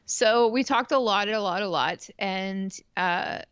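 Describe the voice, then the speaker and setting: A woman's voice: medium pitch, slow, a bit bright, clean tone, no room sound. Chatty Canadian-raised woman, dull dry audio. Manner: rambling, heavy on "like" fillers, swears freely. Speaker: stream co-host. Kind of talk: casual confessional storytelling.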